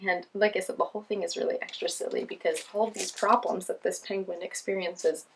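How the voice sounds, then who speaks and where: Gravelly, cheerful woman reading to kids. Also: mid-range voice, steady tone, brisk, slight background noise. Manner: cheerful, sing-song, laughs often. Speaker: children's show host. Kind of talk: reading picture books to children.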